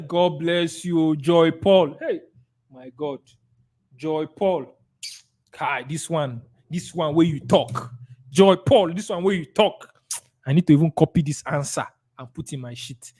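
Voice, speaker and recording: Here a Nigerian-accented man leads a live sales webinar, his voice on the high side and his pace moderate. Full of energy, he reads out comments from the chat and acts out how he'd answer clients.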